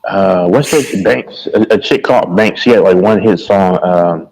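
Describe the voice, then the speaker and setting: A man's voice: low voice, normal speed, darkish tone, low-quality recording. Rambling man chatting about music. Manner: rambling, searching for names, repeats words. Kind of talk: casual chat about music.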